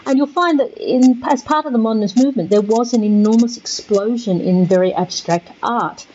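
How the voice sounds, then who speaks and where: A woman's voice: on the high side, a little mellow, slight background noise. Lady lecturing over slides, lots of ums and restarts, dull muffled recording. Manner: chatty, halting, with many fillers and restarts. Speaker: literature teacher.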